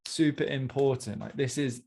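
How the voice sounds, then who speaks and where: A man's voice: medium pitch, normal speed, vocal fry, dark tone. A man giving one-on-one coaching feedback on a presentation, talking in a conversational, encouraging way with many fillers.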